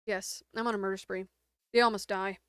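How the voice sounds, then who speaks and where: A woman's voice: medium pitch, fairly even intonation, normal speed, fairly bright tone, smooth, no room sound. A young adult woman streaming a game and chatting casually with a sore throat. She rambles, uses lots of "like" fillers, and laughs often. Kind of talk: casual chat while gaming.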